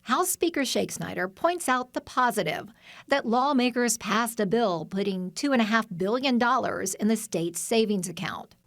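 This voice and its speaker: A woman with an American accent narrating a news report in a measured, clear way. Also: fairly high pitch, animated, no room sound.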